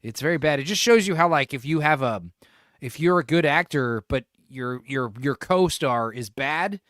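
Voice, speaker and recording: A man's voice: on the high side, lively intonation, moderate pace, a bit bright, no echo, clean studio sound. A man hosting a podcast, rambling and profane in casual chat, laughing often. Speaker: podcast host.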